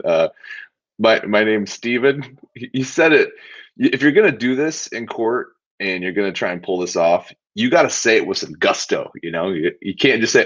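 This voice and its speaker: A man with a fairly low voice gives casual, wry commentary on a court clip and chuckles his way through it. The sound is dull and lo-fi, like audio from a home livestream. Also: lively intonation, moderate pace, a bit bright. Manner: amused, wry, laughs often while mocking. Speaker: attorney and show host.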